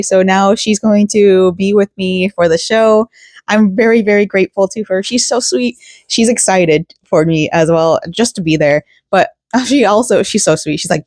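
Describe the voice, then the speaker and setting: A woman's voice: mid-range voice, normal speed, darkish tone, no room sound. A young woman from Florida chatting casually in a rambling, giggly way while she crochets, close to the mic. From Florida, USA. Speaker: vlogger.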